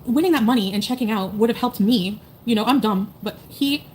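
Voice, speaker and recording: A woman's voice: fairly high pitch, a little fast, darkish tone, a little hiss or hum. A woman in her thirties chatting casually to her viewers on a livestream, blunt and profane, rambling with lots of fillers. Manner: blunt, profane, rambling with many "like"s and "you know"s. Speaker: streamer talking to chat.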